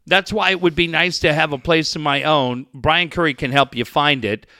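A man co-hosting a radio show, trading crude, comic banter and reading live ads, often breaking into shouted rants. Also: on the high side, moderate pace, dry recording. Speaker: radio co-host. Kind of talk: profane comedic banter with live ad reads.

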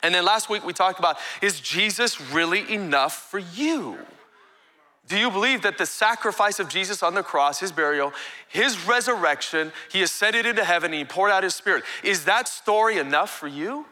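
A male pastor delivers a live sermon with a very bright, ringing tone. He preaches with energy, drawing amens from the congregation. His voice sits a touch high for a man. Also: lively intonation, normal speed. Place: church sanctuary.

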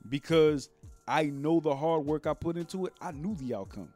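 A man's voice: a little high, moderate pace, warm tone, soft background music. A man co-hosting a casual group podcast, talking bluntly and emphatically with plenty of profanity. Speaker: podcast co-host.

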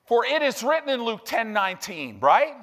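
A male preacher giving an emphatic, animated sermon that swings from hushed to loud. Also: very high voice, normal speed.

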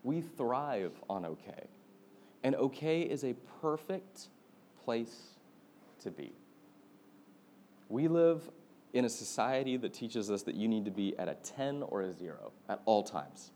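A young man preaching, his voice mellow and relaxed. He tells a story in an animated way and laughs often. A faint hum of room noise sits under the recording. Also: mid-range voice, a little slow, long pauses. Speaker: pastor. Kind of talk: sermon.

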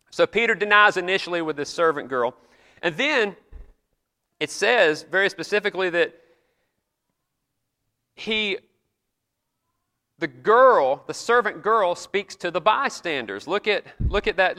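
A man's voice: sits high, pushed and bright, long reverb tail. A man preaching a sermon, reading scripture aloud and then explaining it in a conversational way with everyday examples. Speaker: pastor.

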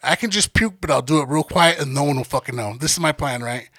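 A young man appears as a podcast guest, casually telling a profane party story at a quick pace. His voice is on the high side, and he animatedly acts out everyone's lines and laughs a lot. Clean studio sound with no room noise.

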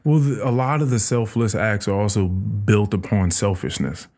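A man hosting a podcast, retelling a book in casual, animated chat with plenty of swearing. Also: on the low side, moderate pace. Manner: animated, profane storytelling. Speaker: podcast host.

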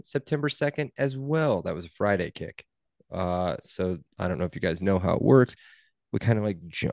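Young male podcast host, low voice, dry close sound, wry and teasing. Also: no echo. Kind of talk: casual sports podcast chat.

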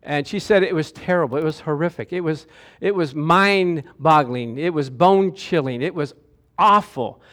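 A man with a high voice preaching a lively sermon in a church. He keeps calling out to the congregation for answers as he goes. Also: normal speed. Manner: animated, calls out to the congregation for responses.

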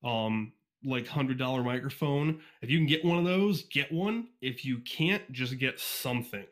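Recorded cleanly on a USB condenser microphone, this fairly bright, middle-pitched voice belongs to a Northeast Ohio man who guests on podcasts and reads fan audiobooks. His casual chat is quick and informal, full of fillers and hurried restarts.

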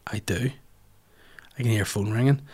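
A man hosting a podcast in casual chat, rambling and animated, swearing freely and going off on tangents. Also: fairly low pitch, normal speed, husky. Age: adult, has children. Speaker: podcast host.

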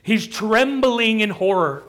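Speaking slowly in a high-sitting voice with lively intonation, a man delivers a sermon as a pastor. The passion mounts into pleading intensity, reaching an almost shouted plea whenever he quotes.

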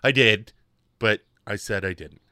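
A man hosting a podcast, telling a personal story in a casual, animated way with emphatic repetition. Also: lowish voice, measured pace, clean tone, no echo, clean studio sound. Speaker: podcast host.

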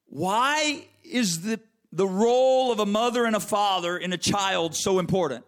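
Pastor, man, slightly high-pitched, emphatic preacher who repeats his points and calls on the congregation by name. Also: animated, moderate pace, few pauses, fairly bright tone. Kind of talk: sermon.

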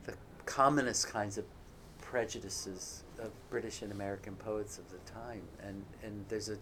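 A man with a low voice speaks on a live panel, reflective and a little hesitant. A faint noise sits under the recording. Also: fairly even intonation, moderate pace.

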